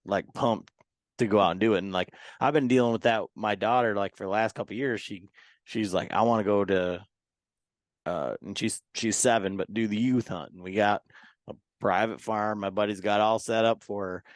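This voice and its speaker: A man's voice: on the low side, fairly quick, dry recording, studio quality. A man in his thirties, a podcast host, chatting casually with lots of "like" and acting out quoted dialogue. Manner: chatty, filler-heavy, acts out quoted dialogue. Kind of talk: casual chat. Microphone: podcast microphone.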